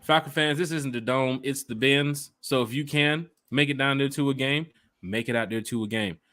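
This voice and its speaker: A man's voice: medium pitch, normal speed, a bit bright, no echo. A man hosting a casual fan podcast, talking straight to listeners in a loose, upbeat, slangy way. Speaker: podcast host and fan club organizer. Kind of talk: casual chat.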